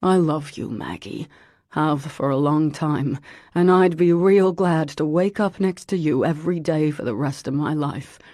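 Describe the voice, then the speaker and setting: A woman voicing a plainspoken, gentle man, speaking low, plain and earnest. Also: unhurried, dry recording, studio quality.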